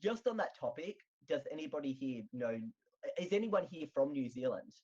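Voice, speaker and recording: A young chatty host with an Australian accent and a husky, breathy voice, leading a relaxed group voice chat. The sound is dull and lo-fi, like a compressed online call. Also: mid-range voice, moderate pace. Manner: chatty, laughs often, storytelling.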